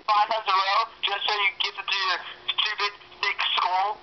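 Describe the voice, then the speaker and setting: Blunt, teasing woman in mid pitch. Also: little pitch movement, normal speed. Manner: blunt teasing insults, exasperated. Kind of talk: mock-insulting banter. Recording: muffled lo-fi home video with loud hiss.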